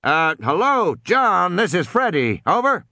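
A man voicing a gruff boat captain who drawls impatiently over a radio in an audiobook. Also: sits high, very animated, a little slow, sharp tone, dry recording, clean studio sound, pitched above the performer's own voice, exaggerated voice. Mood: calling.

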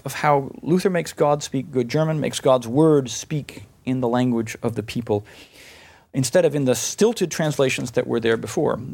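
Gravelly-voiced man lecturing. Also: mid-range voice, a little mellow. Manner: explanatory, with rhetorical questions and frequent "right?". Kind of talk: recorded lecture.

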